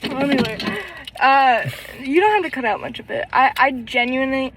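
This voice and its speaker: High-voiced young woman telling a story. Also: normal speed, noisy background. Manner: storytelling with laughter, acts out quotes. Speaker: podcast co-host. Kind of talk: casual chat.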